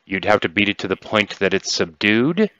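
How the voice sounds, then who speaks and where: A man's voice: fairly low pitch, sing-song, normal speed, pushed and bright, no echo, lo-fi sound. A man voicing a mysterious female stranger from another world in a tabletop game, drawling and offhand.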